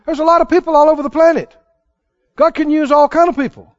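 A man preaching a sermon as pastor, fervent, with sudden bursts of loud praise. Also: very high-pitched, fairly even intonation, quick pace, dry recording, lo-fi sound.

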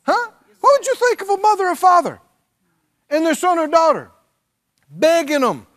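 A man's voice: very high voice, expressive, a little slow, long pauses, a bit bright. A male pastor preaching a sermon, drawing on the congregation and mimicking pleading prayers.

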